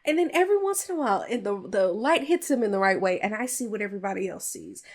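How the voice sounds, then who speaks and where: A woman hosting a podcast, casually recapping a movie in a chatty, animated way with playful jabs. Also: medium pitch, quick pace. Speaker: podcast host reviewing a film. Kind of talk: casual chat.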